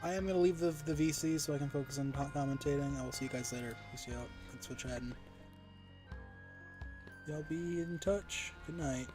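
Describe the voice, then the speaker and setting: A man streaming a game, chatting casually, excitable, swearing and laughing often. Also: on the high side, a little fast, over music. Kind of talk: casual gaming stream chat.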